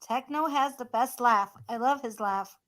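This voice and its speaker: A woman joins a casual livestream chat and teases the others. Her voice is high and close-miked, with a dry sound and no room echo. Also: measured pace, a bit bright. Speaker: regular guest.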